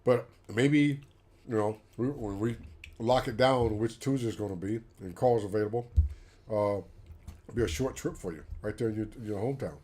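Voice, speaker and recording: A man's voice: lowish voice, moderate pace. A man on a livestream telling a story about being injured as a paratrooper, acting out the dialogue. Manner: animated storyteller, acts out quotes, laughs. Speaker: livestream host, former paratrooper. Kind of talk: casual storytelling.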